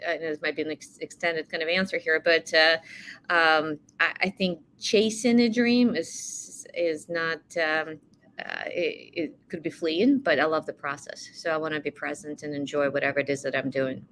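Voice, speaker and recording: Woman, interview guest, bright tone, slightly low pitch, thoughtful and laughing. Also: steady tone, normal speed, a little hiss or hum. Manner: thoughtful, laughing, rambling answers. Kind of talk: casual interview answers.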